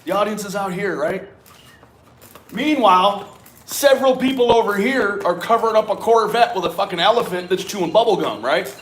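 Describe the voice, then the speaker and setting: A man giving a profane, animated rant to his viewers. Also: sits high, normal speed. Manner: animated, swearing, talks straight at viewers. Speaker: commentary vlogger. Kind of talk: profane ranting commentary.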